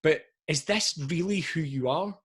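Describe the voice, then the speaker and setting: A man in his forties, a motivational speaker, telling stories to camera on a video call in a chatty, lively way full of asides. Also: on the high side, unhurried, husky. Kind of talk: energetic motivational talk to camera.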